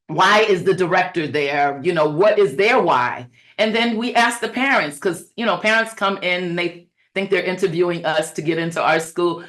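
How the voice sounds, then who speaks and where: A woman's voice: lowish voice, a bit bright. Earnest middle-aged woman, preacherly coach. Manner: earnest and conversational, with many fillers; preacherly, cites scripture. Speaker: childcare business coach. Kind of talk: webinar talk.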